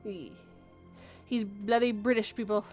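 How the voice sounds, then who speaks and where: Woman, stream host, casual chat, animated, laughing, faint music behind. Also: medium pitch, unhurried. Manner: animated, laughs often, acts out quotes.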